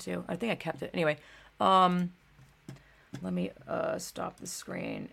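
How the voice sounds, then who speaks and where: Young woman streaming, low gravelly voice, lots of ums and swearing, rambly chat. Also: slight background noise. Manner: rambling, profane, filler-heavy. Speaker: livestream host. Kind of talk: casual livestream chat.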